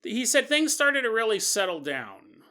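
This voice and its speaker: Bright, animated male storyteller. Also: extremely high pitch, moderate pace. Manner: animated, conversational, jokey. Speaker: podcast host. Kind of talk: storytelling narration.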